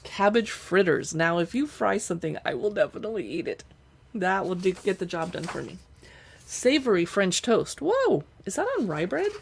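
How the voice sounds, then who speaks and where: Chatty woman streamer with gravelly voice. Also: lowish voice, big pitch swings, moderate pace. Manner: chatty, reads recipe lists aloud, thinks out loud. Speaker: live-streaming cookbook reviewer. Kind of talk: casual live-stream chat. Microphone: streaming setup.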